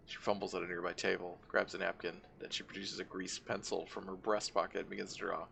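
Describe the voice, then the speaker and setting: A man streaming a video game, reading vivid narration aloud and dropping wry casual asides. His voice is low and strongly gravelly. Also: level tone, quick pace, few pauses, a bit bright, slight background noise.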